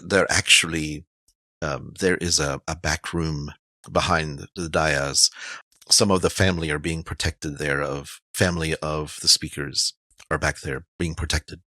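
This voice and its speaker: A man voicing a gentle, kindly man who speaks softly and haltingly. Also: extremely low pitch, fairly even intonation, dry recording, studio quality, voice pushed down, heavily acted. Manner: warm, soft-spoken, halting.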